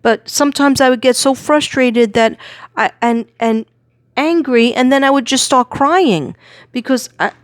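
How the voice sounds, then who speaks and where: A woman's voice: high voice, unhurried, dry recording, pitched above the performer's own voice. Woman doing a boy spirit, pleading, frustrated, raised voice, dry close sound. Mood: upset.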